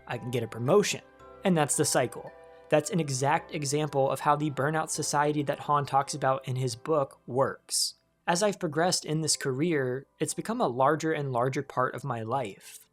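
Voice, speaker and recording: A narrator reading a calm, reflective, scripted voice-over in a conversational way as a video essayist. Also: medium pitch.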